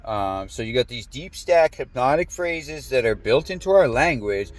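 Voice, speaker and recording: A man rambling through a personal story, cursing freely and jumping up into a sharper voice whenever he quotes someone. His pitch sits in an ordinary middle range, and he talks in loose, looping sentences full of fillers. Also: normal speed, no echo. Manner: profane, animated, quotes people in raised voice. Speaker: podcast host.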